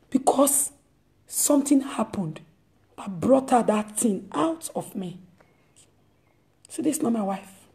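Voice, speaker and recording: A woman preaches straight to her listeners in a fairly high, warm voice. She is emphatic and exhortative, often circling back and repeating her phrases. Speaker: host. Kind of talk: impassioned preaching monologue.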